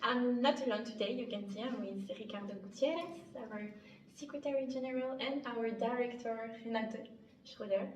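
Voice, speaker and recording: A woman with a French accent and a high voice runs a casual panel Q&A and reads the questions out in a chatty way. She sounds distant in an echoey room, with a faint hiss underneath. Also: moderate pace, highs cut off. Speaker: moderator.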